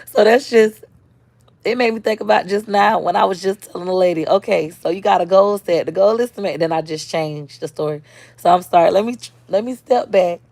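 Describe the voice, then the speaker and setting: Blunt, gravelly woman on a live stream. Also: medium pitch, fairly quick, darkish tone, dry recording. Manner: blunt, streetwise, reads and answers viewer comments. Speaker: social media creator. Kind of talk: casual live-stream talk.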